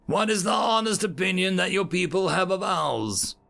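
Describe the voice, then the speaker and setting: Gruff, proud male alien soldier, voiced by a male reader, clipped military talk, gravelly tone, lively swings in pitch. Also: normal speed, faint music behind, heavily acted.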